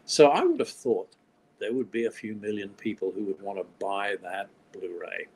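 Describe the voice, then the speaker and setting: A man's voice: fairly low pitch, animated, normal speed, a little mellow, slight background noise, poor audio. An older man from Australia, a film director being interviewed, talking in a rambling way with dry, wry humor. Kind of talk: casual interview conversation.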